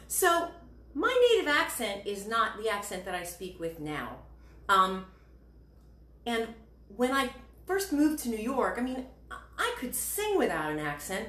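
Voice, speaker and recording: A woman's voice: medium pitch, sing-song, a little slow, a bit bright. A woman from Ohio telling chatty, self-mocking stories between songs at a home concert, recorded on a camera set above her. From Shadyside, Ohio, USA. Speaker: cabaret singer. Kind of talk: cabaret patter. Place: home room. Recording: roomy home room with faint music.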